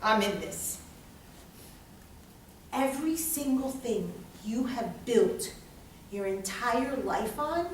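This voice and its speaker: Animated woman lecturing in an echoey room. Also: fairly high pitch, slow, pauses often, slight background noise. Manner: animated, dramatic, swears freely. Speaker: instructor leading a class. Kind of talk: lively classroom lecture. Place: large echoey classroom. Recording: echoey classroom, distant mic.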